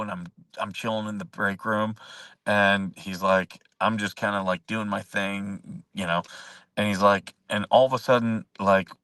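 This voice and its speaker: A man's voice: lowish voice, sharp tone, no echo, distant mic, poor audio. A man hosting a casual talk show, rambling through stories with many fillers and restarts. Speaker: show host. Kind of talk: casual storytelling chat.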